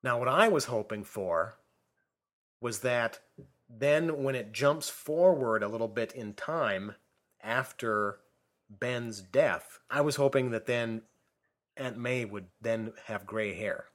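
A man in casual conversation, giving measured, slightly picky opinions about movies. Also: mid-range voice. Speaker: co-host of a movie discussion. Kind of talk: casual chat.

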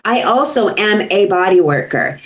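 A woman's voice: medium pitch, lively intonation, normal speed, fairly bright tone, rough recording. A woman who works as a voice coach, chatting casually in a group conversation.

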